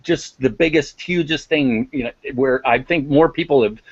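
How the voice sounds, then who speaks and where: A man's voice: medium pitch, normal speed, husky, dry recording, highs cut off. A man speaking as an interview guest on emotional intelligence, impassioned and emphatic, repeating words for stress. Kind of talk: interview talk.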